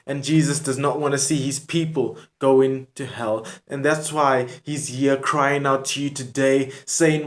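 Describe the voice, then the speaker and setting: A man's voice: mid-range voice, steady tone, measured pace, hardly any pauses. Earnest man preaching spoken word. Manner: earnest, repetitive, pleading address to the viewer.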